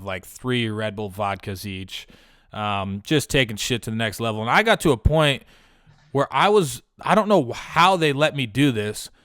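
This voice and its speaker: Young dude rambling thru a crude story on a podcast, says like a lot, clean smooth voice, dry sound. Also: male voice, mid-range voice, fairly bright tone, dry recording. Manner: rambling, profane, lots of "like" fillers. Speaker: podcast host. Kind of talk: casual storytelling.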